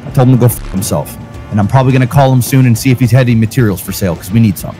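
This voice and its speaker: A man's voice: medium pitch, very fast, warm tone. A man ranting in character in a crime-city roleplay game, profane and exasperated, with music playing behind him. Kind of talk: heated in-character rant.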